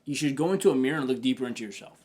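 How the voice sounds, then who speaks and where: Fast-talking man hosting a business podcast. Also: mid-range voice, breathy edge. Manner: energetic, talks to listeners directly with frequent "man" and "check this out"; acts out his own inner dialogue in quoted asides. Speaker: podcast host and business coach. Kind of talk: casual podcast talk.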